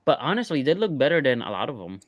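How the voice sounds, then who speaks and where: A man co-hosting a casual reality TV recap podcast, talking in a relaxed, hesitant way with many fillers. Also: medium pitch, fast, dry recording. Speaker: podcast co-host.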